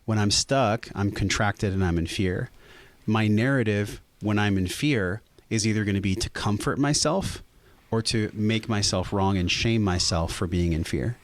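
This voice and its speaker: A man's voice: lowish voice, normal speed, no echo. A man speaking as a podcast guest, earnest and intense, swearing for emphasis in emotional conversation.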